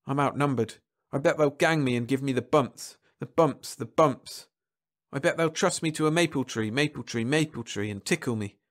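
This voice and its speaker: A man's voice: mid-range voice, a little fast. A man narrating a science fiction story aloud in a dramatic, emotive first-person reading.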